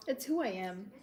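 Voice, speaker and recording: A woman's voice: medium pitch, darkish tone. A woman with a Long Island accent, chatting bluntly and playfully on a casual livestream. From Long Island, New York.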